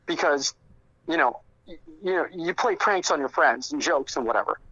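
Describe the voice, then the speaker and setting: A man's voice: a little high, big pitch swings, normal speed, gravelly, sharp tone, dull audio. A man telling stories about an old friend in a casual interview, rambling with many fillers and restarts. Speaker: interview guest, friend recounting memories.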